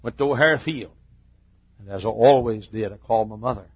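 An older man with a husky, slightly low voice preaches from a church pulpit. He tells a personal story in a halting, heartfelt way, circling back on his phrases. The sermon recording sounds dull and muffled. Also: dry recording. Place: church sanctuary.

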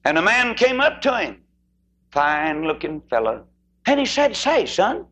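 A man preaching a sermon who moves emphatically between loud declarations and hushed asides. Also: a little high, wildly swooping pitch, moderate pace.

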